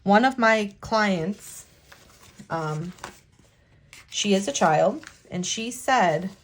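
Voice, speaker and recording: A woman vlogger talking in a halting, emotional way while working on her planner at a home desk. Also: medium pitch, expressive, a little hiss or hum. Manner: halting, emotional, many restarts. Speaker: planner vlogger and immigration attorney. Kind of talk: casual talk while decorating a planner.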